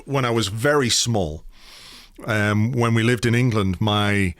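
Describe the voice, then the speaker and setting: A man's voice: on the low side, measured pace, fairly bright tone, no echo, studio quality. A middle-aged man hosting a podcast, chatting casually and telling stories with playful asides. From Ireland. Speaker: podcast host. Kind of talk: casual chat.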